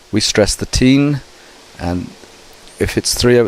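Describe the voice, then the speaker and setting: A man, a teacher, giving an online mini lesson. He talks slowly and carefully, with many hesitant fillers. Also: on the low side. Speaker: English teacher.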